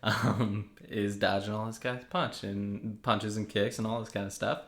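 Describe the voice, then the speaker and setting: A man's voice: lowish voice, flat delivery, measured pace, fairly bright tone. A man co-hosting a podcast, chatting easily about an episode and chuckling along with his co-host. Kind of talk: casual chat recapping an episode. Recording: echoey room.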